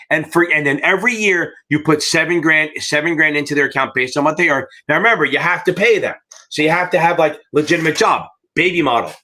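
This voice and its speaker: A middle-aged American man with a fairly high-pitched voice runs a live exam-prep Q&A. He talks bluntly and rambles, swearing often as he answers questions. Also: bright, forceful tone. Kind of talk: live Q&A teaching.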